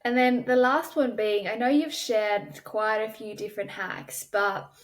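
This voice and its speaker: A woman hosting an interview, asking measured questions and affirming her guest's answers. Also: mid-range voice, steady tone, rough recording. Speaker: interview host. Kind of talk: conversational interview.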